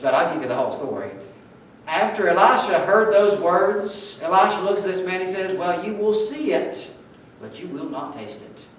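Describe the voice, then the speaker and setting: A male pastor preaching a sermon, telling a story and getting louder and higher as he retells its scenes. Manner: storytelling, rising loud and high when retelling scenes. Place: church sanctuary. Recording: echoey church hall, mic far off, faint noise.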